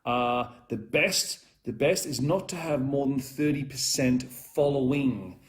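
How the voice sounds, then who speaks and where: A man's voice: mid-range voice, measured pace, roomy sound. A man coaching viewers on dating during a live stream, talking bluntly and rambling, swearing freely and calling out to people watching.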